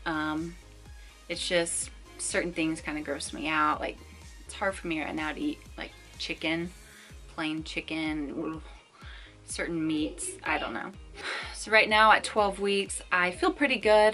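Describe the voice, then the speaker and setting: A woman's voice: on the low side, bright, forceful tone. A woman in her twenties talking casually to camera as a vlogger, chatty and full of fillers and asides.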